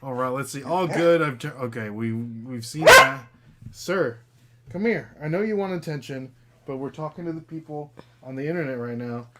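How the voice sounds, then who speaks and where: A man's voice: mid-range voice, lively intonation, moderate pace, background noise. Chatty man hosting a casual podcast. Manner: loose and chatty, many fillers, talks to his dog. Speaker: podcast host. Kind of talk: casual live podcast chat.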